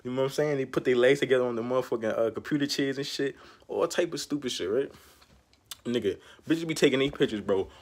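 Fast-talking young man with a husky voice. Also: mid-range voice. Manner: profane, repetitive, animated street slang; laughs often mid-rant. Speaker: vlogger. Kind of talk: casual rant to camera.

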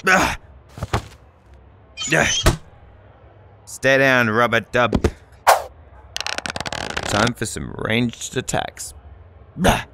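A man doing loud, excitable, profane gameplay commentary, taunting enemies as he plays. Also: mid-range voice, very slow, long pauses, very noisy. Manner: loud, excitable, swearing, trash-talking. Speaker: gaming YouTuber.

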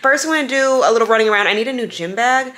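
A woman's voice: a little high, fairly bright tone. A young woman vlogging in a casual, chatty, upbeat way, talking to her viewers on a handheld camera as she goes about her day. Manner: chatty, upbeat, quick asides. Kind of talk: casual vlog chat. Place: home, then car and store.

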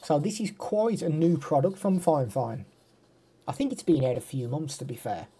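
A man in casual live-stream chat, showing gear and answering his viewers. His voice is mellow and a little husky. He talks easily and laughs often. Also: on the high side, lively intonation, normal speed.

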